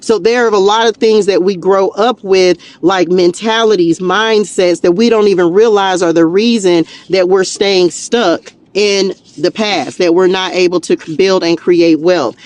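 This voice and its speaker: A tarot reader and spiritual coach with a Southern US drawl runs a loose, chatty live reading, sprinkling in "child" and "y'all," laughing easily, and warmly encouraging her viewers. Her mid-range voice is steady in tone, a little slow, with few pauses and no room sound.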